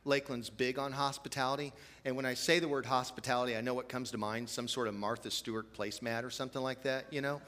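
Bright-voiced pastor in a reverberant church. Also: male voice, medium pitch, steady tone, quick pace. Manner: chatty, self-deprecating, frequent "you know" asides. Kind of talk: conversational sermon.

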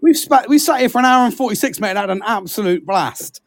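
A British man, voice sitting a touch high, chats on a live podcast in a loose, friendly way and keeps calling his co-host mate. The sound is dry and close, with no room around it. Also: expressive, quick pace, no room sound. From Britain. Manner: chatty, says mate a lot, laughs often. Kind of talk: casual podcast chat.

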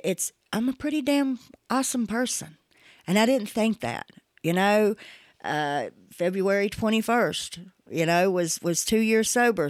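A woman's voice: medium pitch, no room sound, studio quality. Frank, emphatic woman in her forties. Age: 40s. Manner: candid and emphatic, with casual swearing. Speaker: podcast host. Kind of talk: personal podcast monologue.

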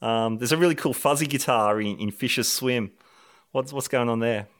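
A man interviewing a musician about his record, enthusiastic and quick with short replies. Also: medium pitch, fairly bright tone. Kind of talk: conversational interview.

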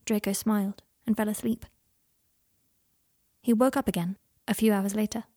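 Soft-spoken woman reading a story. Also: mid-range voice, fairly even intonation, moderate pace, dry recording, studio quality. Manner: soft-spoken, slips into whispers. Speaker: reader. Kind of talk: reading fan fiction aloud.

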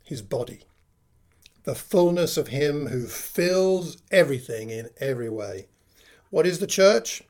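Measured male preacher, slightly higher voice. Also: lively intonation, darkish tone. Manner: measured, slows to stress key phrases, rhetorical questions. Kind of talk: sermon teaching.

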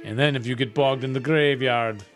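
Brief: male podcast co-host, playful quizmaster, casual banter, mid pitch. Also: steady tone, normal speed, fairly bright tone, faint music behind. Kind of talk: casual chat quizzing on game rules.

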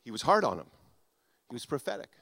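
A man preaching a sermon, animated, acting out quoted voices and swinging between loud and soft. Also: mid-range voice, quick pace, no echo. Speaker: pastor.

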